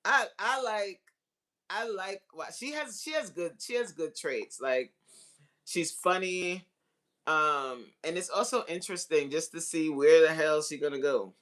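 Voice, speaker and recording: A woman coaching on relationships in a casual live-stream chat, excitable and talking straight to her viewers as y'all. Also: on the low side, measured pace.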